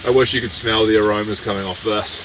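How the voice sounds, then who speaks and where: A man's voice: fairly low pitch, quick pace. Chatty kiwi guy vlogging from a snowy camp, wind roaring on the mic. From New Zealand. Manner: relaxed, chatty, to the camera. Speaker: outdoor vlogger. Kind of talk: casual vlog narration. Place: outdoors in a snowstorm and a camp shelter.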